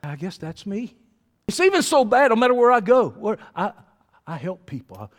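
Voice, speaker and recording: Older preacher with a hall echo. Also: male voice, sing-song, moderate pace. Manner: storytelling, swings from low asides to loud shouting. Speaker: pastor. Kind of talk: sermon. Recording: long hall reverb.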